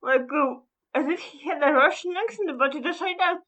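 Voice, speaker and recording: A woman co-hosting a podcast in casual chat, halting and hesitant, with lots of restarts and laughter. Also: high voice, fairly bright tone, poor audio. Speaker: podcast co-host.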